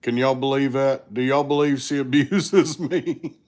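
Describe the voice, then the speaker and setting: A man's voice: medium pitch, steady tone, measured pace, a little mellow. A man hosting a family livestream, joking and teasing with exaggerated complaints. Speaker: livestream host. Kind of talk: casual chat.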